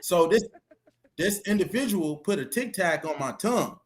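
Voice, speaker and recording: A man's voice: high-pitched, lively intonation, moderate pace. A man giving a casual interview, retelling a story with street slang and lots of fillers. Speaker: interview guest, former reality show contestant.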